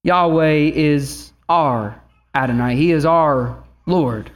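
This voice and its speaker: Higher-voiced pastor preaching earnestly. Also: male voice, slow. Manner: earnest, building to emphatic declarations; drifts into chatty asides. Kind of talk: sermon.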